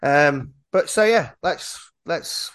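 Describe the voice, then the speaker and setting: A man hosting a horror movie podcast, talking casually in a hoarse voice after losing it, joking and stumbling over his words. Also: fairly high pitch, lively intonation, slow pace, a bit bright. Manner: jokey, self-deprecating, stumbling restarts. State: hoarse, lost voice. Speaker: podcast host.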